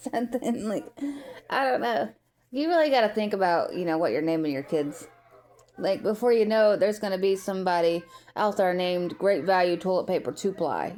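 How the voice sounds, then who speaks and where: A woman's voice: medium pitch, dark tone. A woman from the United States giving a rambling, opinionated commentary in a casual vlog, full of filler words. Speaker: vlogger.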